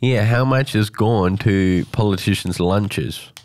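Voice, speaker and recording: A man's voice: on the low side, takes it slowly, a little mellow. A man hosting a radio show, playful and joking as he asks questions. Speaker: radio host. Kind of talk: casual radio banter.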